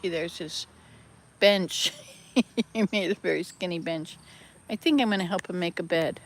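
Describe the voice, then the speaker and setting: A woman's voice: on the low side, moderate pace, a little hiss or hum. Chatty older woman vlogging outdoors. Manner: chatty, rambling, self-correcting. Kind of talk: casual travel vlog. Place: outdoors at a rural hut. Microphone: handheld camera.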